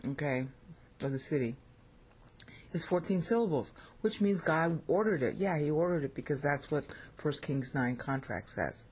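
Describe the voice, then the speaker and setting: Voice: mid-range voice, slightly rough. An American Bible teacher giving an informal lecture on scripture, thinking aloud and checking in with listeners.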